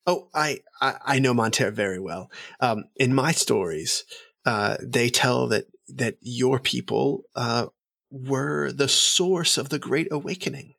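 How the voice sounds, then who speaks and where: A man voicing an eager, courtly female emissary who gushes with flattery. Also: mid-range voice, measured pace, vocal fry, slightly rough, no echo, studio quality, full character voice. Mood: flattering. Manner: flattering, effusive.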